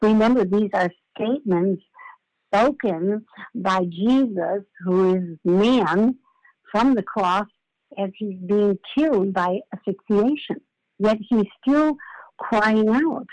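A woman's voice: mid-range voice, slow, a little mellow, no room sound, poor audio. An older woman giving a devotional sermon in a reflective way, often repeating her key phrases. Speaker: preacher.

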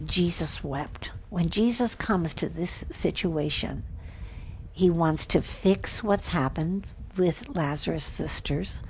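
A woman's voice: on the low side, creaky. A woman hosting a devotional talk show, speaking earnestly and dropping at times to near whispers. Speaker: podcast host.

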